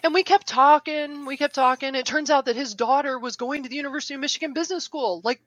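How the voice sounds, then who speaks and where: A woman's voice: sits high, fast talker, no room sound, poor audio. Chatty woman telling a story, dry sound. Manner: chatty, laughs often, many fillers like "like" and "um". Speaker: interview guest. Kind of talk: casual spoken storytelling.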